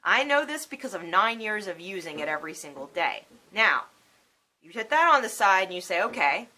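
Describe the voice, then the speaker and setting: A woman's voice: medium pitch, sing-song, normal speed, pushed and bright. A woman in her thirties telling a personal story to camera in a casual vlog, emotional and swearing freely. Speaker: vlogger.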